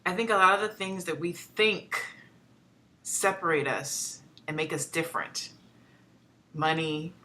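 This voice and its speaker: Bright-voiced woman host, reflective. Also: on the low side, measured pace, long pauses, slight background noise. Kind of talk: talk show discussion.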